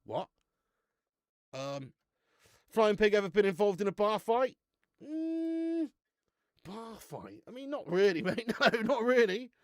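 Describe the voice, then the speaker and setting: A man's voice: high-pitched, animated, normal speed, few pauses, no room sound, clean studio sound. A man hosting a live beer-review stream, chatting casually, laughing often and calling his viewers mate.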